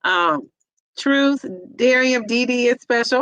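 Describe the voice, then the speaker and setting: A woman's voice: a little high, slow pace, creaky, a bit bright, clean tone, no room sound, low-quality recording. A woman hosting a casual livestream, reading viewers' comments aloud and cheering each of them on by name.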